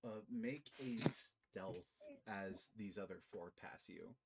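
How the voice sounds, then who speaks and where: A man narrating as game master in a tabletop game, animated and swearing freely. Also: deep voice, takes it slowly, vocal fry, noisy background.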